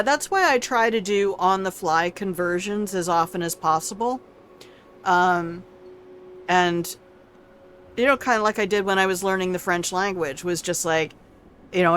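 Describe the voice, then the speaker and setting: A woman's voice: lowish voice, a bit bright, slight background noise. An older woman streaming a video game, chatting casually with viewers in a salty, teasing way and swearing freely. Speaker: gaming streamer. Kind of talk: casual gameplay commentary.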